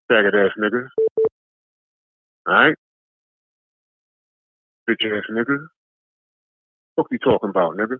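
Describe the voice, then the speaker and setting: Tired guy on a tinny phone line, low voice, swearing and repeating himself over and over. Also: husky, no echo. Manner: aggressive, repetitive, swearing. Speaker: caller. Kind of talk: profane trash-talk rant.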